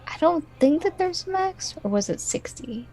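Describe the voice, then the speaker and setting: A woman's voice: very high-pitched, sing-song, moderate pace, warm tone, faint music behind. A woman playing a tabletop game, explaining her turn carefully and double-checking spell details. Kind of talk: casual game table chat.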